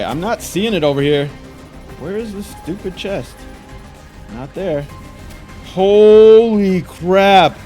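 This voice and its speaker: A man giving frantic live gameplay commentary, exclaiming and frustrated, later calmly narrating. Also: on the high side. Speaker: gaming YouTuber.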